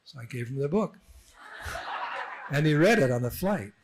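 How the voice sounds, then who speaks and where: Man, monk, storytelling sermon, raised pitch, acted-out dialogue. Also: expressive, normal speed, a little hiss or hum. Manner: storytelling, acts out dialogue with laughs. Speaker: monk giving a temple address. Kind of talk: informal sermon with anecdotes. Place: temple hall.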